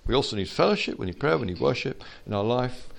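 Gravelly preacher, lively delivery. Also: male voice, mid-range voice, fast. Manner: animated, swings from quiet intimate asides to loud exhortation. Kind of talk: informal sermon to a small fellowship.

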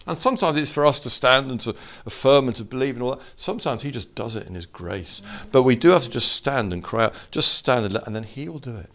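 A man preaching an informal sermon to a small fellowship, swinging from quiet asides to loud exhortation. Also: mid-range voice, expressive, fast talker, few pauses.

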